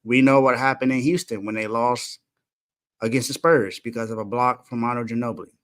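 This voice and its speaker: A man's voice: medium pitch, steady tone, brisk, a bit bright. Emphatic man arguing a sports point. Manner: builds a case point by point, emphatic. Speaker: sports podcast co-host. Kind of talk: casual sports talk.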